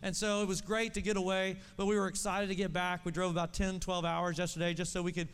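A man's voice: high voice, little pitch movement, fast, clean tone. A pastor from Oklahoma, a man leading a church service with enthusiasm and saying "man" often. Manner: enthusiastic, says "man" a lot. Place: church sanctuary in Texas. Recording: long reverb of a large church.

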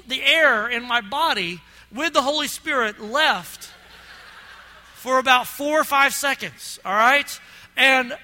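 Middle-aged pastor guy preaching, super high voice, big reverb from the church hall. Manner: animated storytelling, frequent "all right?" check-ins. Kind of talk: sermon. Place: church sanctuary.

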